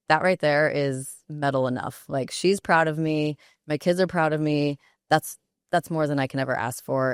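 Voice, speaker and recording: Chatty woman telling stories, crisp and dry. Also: low voice, no room sound. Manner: chatty, animated, frequent "like" fillers and laughs. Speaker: podcast guest. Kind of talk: casual conversational storytelling.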